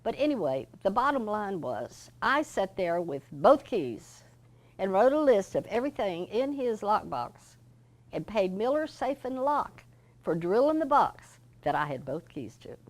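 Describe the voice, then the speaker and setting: Older woman, author guest, folksy and animated storyteller. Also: mid-range voice, a little slow. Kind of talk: interview storytelling.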